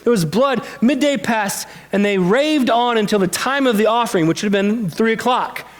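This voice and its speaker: A man with a fairly high voice preaches a sermon in a church. He retells a Bible story with animated energy and slips into the characters' lines as he goes. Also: moderate pace. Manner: animated storytelling, acting out quotes. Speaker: pastor. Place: church sanctuary.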